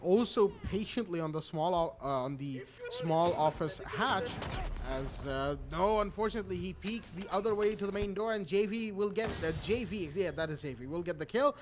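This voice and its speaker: A man giving energetic play-by-play commentary on a competitive shooter match, with chatty asides. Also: high-pitched, normal speed, crowd noise. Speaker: esports caster. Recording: game gunfire audible under voice. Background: in-game gunshots and ambience.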